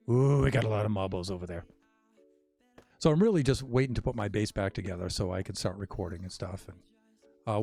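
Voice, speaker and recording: An older man with a lowish, mellow voice streams a game, chatting casually about the gameplay. His talk rambles and is wry, sprinkled with self-mocking asides.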